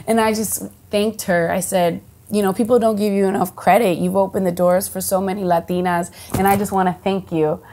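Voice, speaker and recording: An actress from the United States of Dominican heritage, chatting casually in an interview, full of fillers and restarts and lively quoted voices. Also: female voice, medium pitch, a little fast, hardly any pauses. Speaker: actress and singer, guest.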